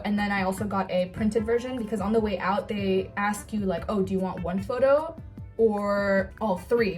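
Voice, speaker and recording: A young woman telling a story in a casual get-ready-with-me vlog, gushing and excitable, with lots of "like"s. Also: mid-range voice. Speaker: cosplay vlogger.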